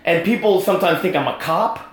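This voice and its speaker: A man's voice: high voice, a little fast, reverberant, faint music behind. A man telling a faith story in casual talk, blunt and emphatic, acting out the quotes. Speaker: podcast guest telling a testimony.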